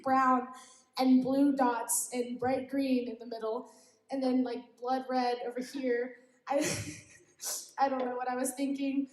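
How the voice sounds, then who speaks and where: A young woman giving an informal youth devotional talk, giggly and self-deprecating, often laughing as she speaks. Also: high-pitched. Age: young adult. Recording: echoey room.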